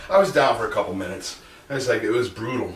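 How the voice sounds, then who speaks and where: A man in his forties or older tells stories with a lively, swooping pitch, throwing himself into other people's voices and cursing as he goes. He is picked up from a distance in an echoey room with faint background noise. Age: 40s or older. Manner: animated storyteller who acts out quotes, swears and laughs often. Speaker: guest, wrestling manager and comic hypnotist. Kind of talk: casual storytelling interview. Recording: roomy echo from a distant mic with faint noise.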